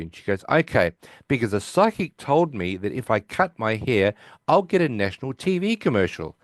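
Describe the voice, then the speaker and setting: Speaking a little fast with big pitch swings, this mid-range male voice belongs to a podcast co-host casually retelling an episode through character quotes. He rambles and keeps restarting, and the studio sound is clean and dry.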